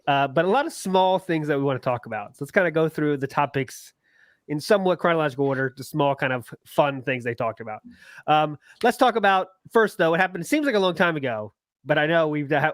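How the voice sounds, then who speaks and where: A man's voice: fairly high pitch, lively intonation, brisk, no echo, studio quality. A man hosting a casual podcast, joking crudely and laughing often. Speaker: podcast host.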